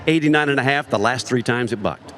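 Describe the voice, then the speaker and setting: A man's voice: mid-range voice, fast, a bit bright, a little hiss or hum. A man analyst in a casual panel chat, confident and making his case with numbers. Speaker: rodeo analyst.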